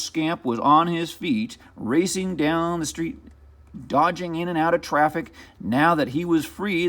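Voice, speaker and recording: A man reading a children's picture book aloud as narrator, with expressive, dramatic storytelling. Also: on the high side.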